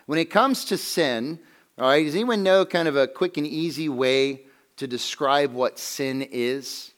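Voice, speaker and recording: A man teaching a Bible lesson to a class in a conversational way, asking questions and slowing down to stress key phrases. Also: a little high, fairly bright tone.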